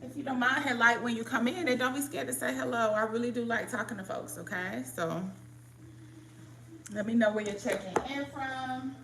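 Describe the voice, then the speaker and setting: Middle-aged woman host, slightly raspy voice, fairly high pitch, chatty live-stream greeter, faint background hum. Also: moderate pace. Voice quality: raspy, scratchy. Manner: chatty, greets viewers by name. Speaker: livestream host. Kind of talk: casual live-stream chat.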